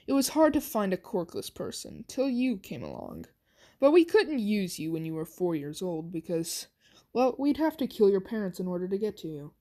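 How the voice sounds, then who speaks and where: A cruel male mad scientist who savors every word and gloats over his captive, as a woman puts him on. The lines come slow and stretched, an amateur fan story read aloud. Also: mid-range voice. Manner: gloating, drawn-out, rising to excited cries.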